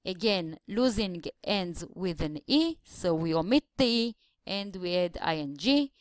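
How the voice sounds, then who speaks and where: A woman teaching English grammar, taking her time and letting her pitch rise and fall freely. She walks through each rule patiently, step by step, with a close, dry sound to her voice-over. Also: expressive, measured pace, no echo. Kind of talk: slideshow lesson voice-over.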